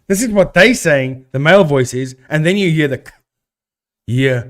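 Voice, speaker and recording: Chatty animated man streaming live. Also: on the high side, moderate pace. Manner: chatty, talks to chat and thinks aloud. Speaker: live-stream host debunking ghost videos. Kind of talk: casual live-stream commentary.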